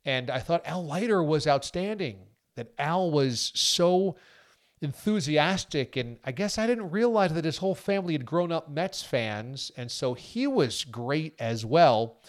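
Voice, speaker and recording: A man's voice: on the high side, animated, a little slow. A man hosting a podcast, chatting enthusiastically and casually like a sports fan. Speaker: podcast host.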